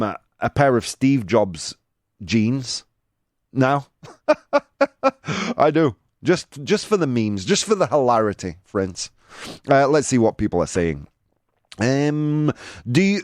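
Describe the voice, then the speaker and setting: A man from the UK, his mid-range voice a little mellow, hosts a laid-back live-stream chat where he reads viewer comments, sarcastic and chatty, laughing at his own jokes. The recording is dry and studio quality, made in a room with an air conditioner running.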